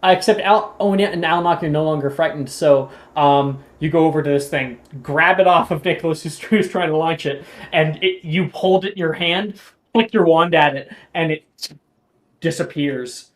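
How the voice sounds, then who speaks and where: A man's voice: on the high side, moderate pace. A man running a tabletop game as game master, casual and rambling, often laughing as he narrates.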